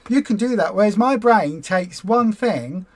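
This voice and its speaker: A woman hosting a weight-loss group livestream, chatting casually and rambling into lively acted-out asides. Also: mid-range voice, measured pace.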